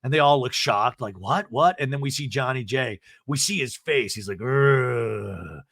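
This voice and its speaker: A man's voice: medium pitch, a little fast, a bit bright, no room sound, clean studio sound. A man hosting a podcast, giving a comedic, gossipy recap of a reality TV episode with laughing asides. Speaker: podcast host.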